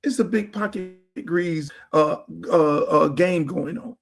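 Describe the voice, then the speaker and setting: Speaking slowly in a slightly high voice, the host of a streamed show rants to his viewers. His style is casual, blunt, profane and slangy. Audio comes from his streaming setup mic.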